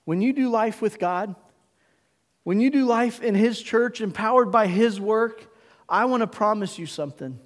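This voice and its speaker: A middle-aged male pastor preaching a sermon in a church, emphatic, with dramatic pauses and call-and-response. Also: high-pitched, big-room sound. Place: church sanctuary.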